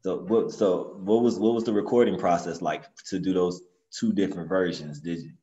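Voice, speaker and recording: A man hosting a podcast, asking relaxed questions in a casual interview. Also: sits low, moderate pace. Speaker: podcast host. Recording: dull lo-fi sound.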